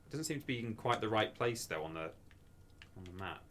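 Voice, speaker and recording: A man's voice: lowish voice, expressive, fairly quick, a bit bright, slight background noise. A man in casual livestream chat, rambling and self-deprecating as he plays and reads chat aloud. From England. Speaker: streamer playing a game.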